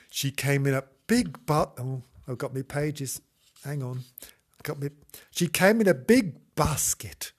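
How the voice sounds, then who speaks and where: A man drawling through a children's story as a mock bedtime reading. He is camp and theatrical, with a voice that leaps up and down in wide swings. The tone is husky and breathy. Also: medium pitch, fairly bright tone. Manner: camp, theatrical, wandering asides. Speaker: comic reader.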